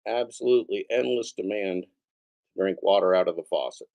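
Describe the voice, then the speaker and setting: A middle-aged podcast host with a deep, darkish voice and vocal fry riffs crudely and mockingly on the news at a normal pace. His throat is scratchy, and the daily shows have left his voice worn out. It's a profane comedic news riff.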